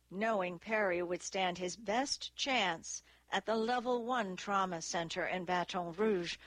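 A woman narrating a crime novel at an unhurried, deliberate pace. Her mid-range voice sounds dry and close, with no room echo. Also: mid-range voice, a bit bright. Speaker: audiobook narrator. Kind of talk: scripted narration.

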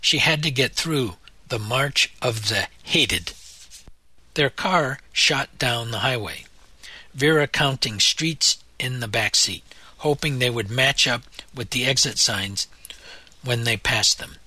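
A man narrating a novel in a measured storytelling manner. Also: mid-range voice, pushed and bright, husky. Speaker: audiobook narrator. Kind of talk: scripted narration.

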